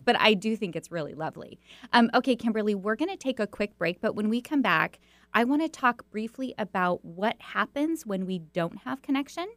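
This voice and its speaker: A woman's voice: medium pitch, no room sound. Woman hosting a radio talk show. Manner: warm storytelling with many fillers and restarts. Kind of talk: conversational radio interview.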